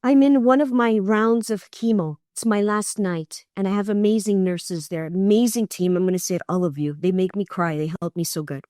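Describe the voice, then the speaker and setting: A woman's voice: medium pitch, normal speed, few pauses, no echo, studio quality. Earnest woman telling her story. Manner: earnest and animated, acting out other people's voices in her stories. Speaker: guest, cancer survivor. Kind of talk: emotional storytelling in an interview.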